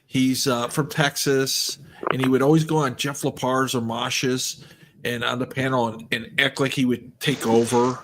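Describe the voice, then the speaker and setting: A man's voice: mid-range voice, level tone, normal speed, noisy background. A man hosting a casual stream, telling a long funny story and laughing often. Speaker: streamer host.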